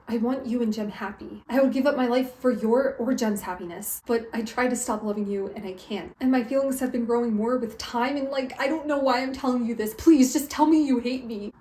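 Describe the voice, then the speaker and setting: A young woman with a slightly high voice, recapping a book in a loose, chatty way. She keeps slipping into quick quoted lines from the characters. The sound bounces a bit off the walls of an echoey room. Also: mellow. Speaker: book vlogger.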